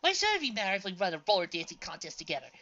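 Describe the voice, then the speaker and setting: A woman's voice: mid-range voice, sing-song, racing, sharp tone, lo-fi sound, voice pushed up. A woman voicing a grumpy, cynical pony mare who talks coldly and grumbles. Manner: cold, grumbling.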